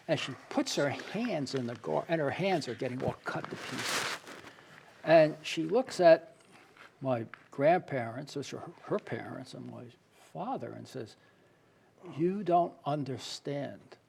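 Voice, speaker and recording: A man's voice: medium pitch, gravelly, a little mellow, breathy edge. A man being interviewed, telling his own story candidly and earnestly, often restarting his phrases. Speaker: interview guest, playwright and author.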